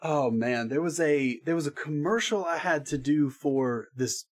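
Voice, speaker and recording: A man's voice: fairly high pitch, a little slow. A man who works as a freelance voice actor, talking as a guest in a casual podcast chat, rambling and laid-back and swearing now and then.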